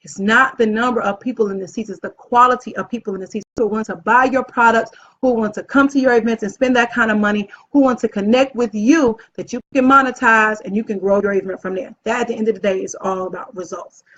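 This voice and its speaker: Woman, event planner, casual live stream, upbeat, excitable, chatty, somewhat high voice, muffled lo-fi sound. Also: quick pace, few pauses. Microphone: phone or webcam live stream. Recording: dull lo-fi live-stream audio.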